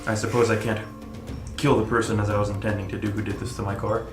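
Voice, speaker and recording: A man plays his character at a tabletop game in a dry, understated way. His voice is on the low side, and the room is echoey. Music sounds clearly in the background. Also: little pitch movement, quick pace. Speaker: player.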